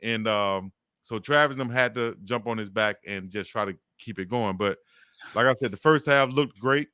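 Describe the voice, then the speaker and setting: A man's voice: on the low side, normal speed, sharp tone, clear, resonant tone, no echo, clean studio sound. A man as a guest commentator in a casual sports debate, animatedly retelling the plays.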